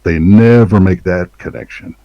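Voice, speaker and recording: A man's voice: deep voice, normal speed, dry recording, dull audio. A man co-hosting a casual satirical chat, speaking in a sarcastic, mocking way and chuckling often.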